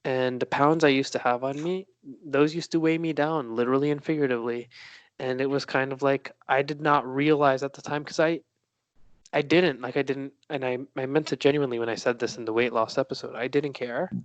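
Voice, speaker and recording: A man co-hosts a casual podcast over a video call, speaking with a candid, reflective ease. His voice is hoarse from a lot of laughing and sits at an ordinary middle pitch. The sound is dry, with no room around it. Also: fairly even intonation, a little fast, no room sound, highs cut off. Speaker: podcast co-host.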